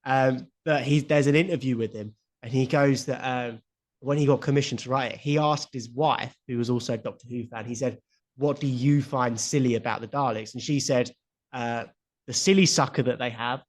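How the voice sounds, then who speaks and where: Guy cohosting a chat, mid pitch, laughs a lot, blunt crude jokes. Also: fairly even intonation, normal speed. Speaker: podcast co-host. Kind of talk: casual chat.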